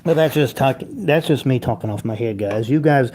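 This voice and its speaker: A man's voice: medium pitch, normal speed, darkish tone, a little hiss or hum. Swearing, rambling man hosting a livestream. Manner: profane, rambling, laughs often. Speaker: livestream host. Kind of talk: casual livestream chat reading viewer comments.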